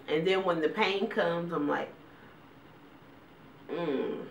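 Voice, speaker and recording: A woman's voice: on the low side, normal speed, gravelly, reverberant, far from the mic, lo-fi sound, background noise. A woman, telling stories casually to her viewers, acting out quotes with big jumps in voice and frequent laughs. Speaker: vlogger giving a weight update.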